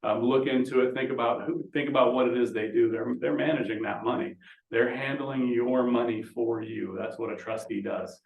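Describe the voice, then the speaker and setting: Man w/ gravelly lowish voice, magistrate explaining stuff plainly at a seminar, echoey room. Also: steady tone, normal speed, narrow, tinny audio. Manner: plain-spoken, explaining step by step. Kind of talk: public talk answering questions.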